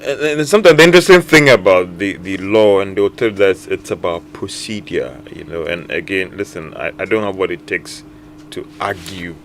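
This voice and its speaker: Male co-host, low-pitched, reflective questioning tone, studio with faint hum. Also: brisk, fairly bright tone. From Ghana. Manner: musing, asks questions, agrees often. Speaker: radio co-host. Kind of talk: casual radio banter. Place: radio studio.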